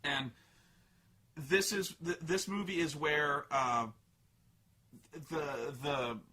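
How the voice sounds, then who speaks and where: A man tears into a film in an animated, profane rant, sounding exasperated and incredulous. His voice is high and bright, with a sharp, forceful edge that drives the sarcasm. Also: extremely slow, slight background noise. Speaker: film reviewer. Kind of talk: comedic rant about a movie.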